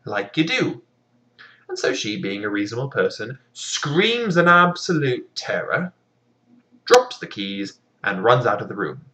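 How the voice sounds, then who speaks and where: A storyteller retelling a fairy tale as comedy, with deadpan, sarcastic asides. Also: mid-range voice, a little slow, poor audio.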